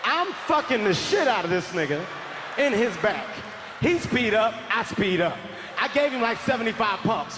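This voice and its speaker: A man in his forties doing stand-up comedy, telling a story in an animated, often shouting, profane way on stage at a large live venue. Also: high-pitched, moderate pace, background noise. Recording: echoey hall with crowd ambience.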